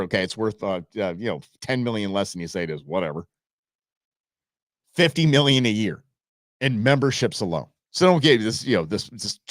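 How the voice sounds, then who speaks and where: A man's voice: medium pitch, no room sound, clean studio sound. A man hosting a live political commentary show, talking casually and sarcastically and slipping into mocking impressions. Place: small home studio. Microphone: studio microphone.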